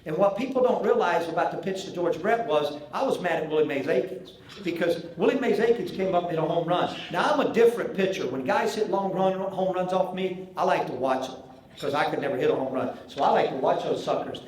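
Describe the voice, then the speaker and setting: A Southern-accented man in his sixties from Charlotte, North Carolina gives an after-dinner keynote at a banquet, telling folksy, animated stories. His voice is high and a little fast. The large hall sounds echoey, with faint ambience.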